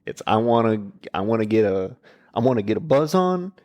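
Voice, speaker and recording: A man hosting a podcast in relaxed casual chat, asking questions and sharing trivia. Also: on the low side, a little fast. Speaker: podcast host.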